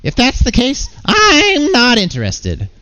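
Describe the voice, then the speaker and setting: A man voicing an eager, shrill character, squeaky and excited. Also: takes it slowly, no room sound, heavily acted.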